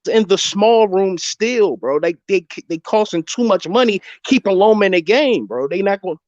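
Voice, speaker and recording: A man's voice: sits high, expressive, normal speed, darkish tone, no room sound. A man on a video call, arguing boxing in a heated casual debate and repeating his points insistently. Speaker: boxing podcast panelist. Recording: dull lo-fi call audio.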